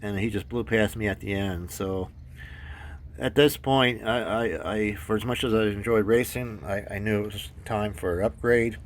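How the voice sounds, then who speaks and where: A man's voice: fairly low pitch, fairly even intonation, normal speed, slight background noise. A man telling a casual, rambling story about his car hobby in a voice-over, full of fillers and restarts, chuckling often.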